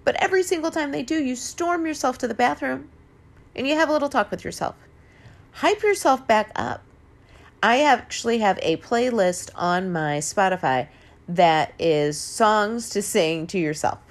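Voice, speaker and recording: A woman's voice: fairly high pitch, lively intonation, moderate pace. A woman in her forties giving an emphatic, casual motivational talk, swearing now and then and laughing easily. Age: 40s. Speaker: host. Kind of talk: motivational monologue.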